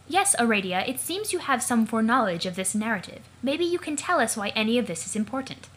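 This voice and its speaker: A woman's voice: a little high, big pitch swings, fairly quick, fairly bright tone, husky, exaggerated voice. A woman voicing a prim young woman who speaks formally and precisely, for a let's play of a comic.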